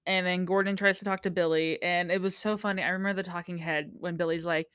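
A woman's voice: lowish voice, fast talker, hardly any pauses, clear, resonant tone, no echo, clean studio sound. A young woman on a podcast, casually recapping a TV show, acting out quotes and laughing often. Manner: animated storyteller, acts out quotes, laughs often. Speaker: podcast co-host.

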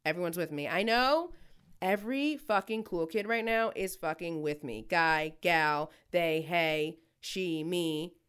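A woman's voice: on the low side, measured pace, fairly bright tone, smooth. A woman co-hosting a podcast in casual comedic chat, brash and profane, breaking into playful voices. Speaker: podcast co-host.

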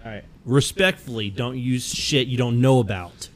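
A man's voice: medium pitch, moderate pace, a little hiss or hum. A young man co-hosting a podcast in casual chat, tired and playful. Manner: playful, drifts into loud wrestler impressions. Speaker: podcast co-host.

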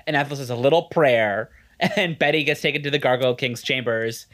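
Casual woman recapping a show. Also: a bass voice. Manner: swears, laughs, quick recaps with acted quotes. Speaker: podcast co-host.

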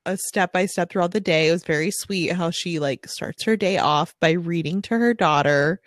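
A woman's voice: fairly low pitch, moderate pace, no echo, clean studio sound. A woman in her thirties co-hosting a casual book chat, laughing as she tells stories about her daughters. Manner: laughing, animated storytelling. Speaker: podcast co-host.

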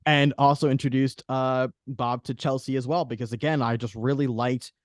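A man's voice: medium pitch, fairly even intonation, moderate pace, no room sound, studio quality. A man hosting a podcast in casual chat, rambling with many restarts. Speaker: podcast host.

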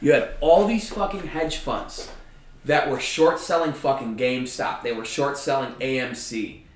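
A man with a medium-pitched voice hosts a casual podcast chat with a friend in a room, speaking at a moderate pace. Heated and profane, he rants with heavy swearing, recorded off mic from a distance in an echoey room.

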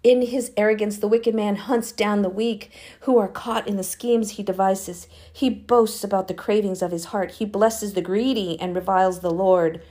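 A woman walks through Bible chapters in a relaxed, conversational podcast voice. She talks informally, with plenty of fillers and restarts. When she urges listeners to pray, her emphasis rises into earnest fervor. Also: mid-range voice, moderate pace, hardly any pauses. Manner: chatty, informal retelling with frequent fillers; earnest, rising emphasis when urging prayer. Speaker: podcast host reading the Bible. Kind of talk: casual Bible reading and commentary.

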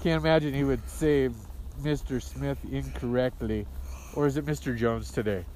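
A man co-hosting a casual podcast outdoors on a ski slope, teasing with dry, deadpan jokes. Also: mid-range voice, moderate pace, slight background noise. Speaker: podcast co-host. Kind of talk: casual chat on a ski lift.

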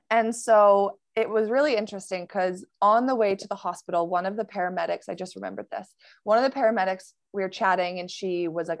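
A woman guest on a podcast, telling a personal story in a casual, animated way with many fillers and quick laughs. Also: medium pitch, dry recording.

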